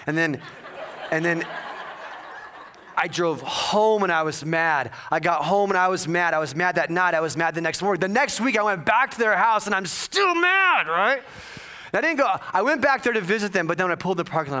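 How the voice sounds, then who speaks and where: A male pastor preaching a sermon, telling a personal story with humor and bursts of loud excitement. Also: a little high, fairly quick. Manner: animated storytelling with jokes and sudden loud bursts.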